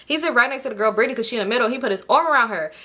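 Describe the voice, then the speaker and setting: A young woman telling a casual storytime to her viewers, animated and slangy, often addressing them directly. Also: a little high, rapid-fire. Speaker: storytime vlogger.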